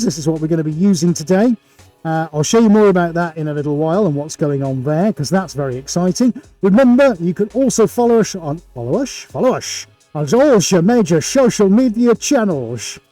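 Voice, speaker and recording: A man's voice: high-pitched, animated, a little fast, mellow, no echo, faint music behind. A middle-aged man hosting a live painting stream, chatty, jokey and full of showman energy, in his art studio. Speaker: art livestream host. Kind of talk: upbeat live presenting. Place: home art studio with several cameras.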